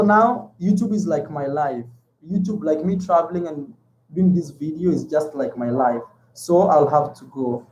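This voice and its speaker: A man's voice: on the high side, mellow, a little hiss or hum, poor audio. A man from Kenya with a Kenyan accent, talking casually to his viewers as a travel vlogger, often repeating himself and calling them "man". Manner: chatty, repeats words, calls viewers 'man'. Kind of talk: casual vlog chat to viewers.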